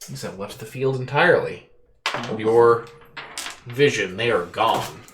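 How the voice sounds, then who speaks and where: A man running a tabletop game for friends as dungeon master, narrating the monsters' turns and explaining rules in a lively, laughing way. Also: mid-range voice, unhurried. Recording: echoey room, faint noise.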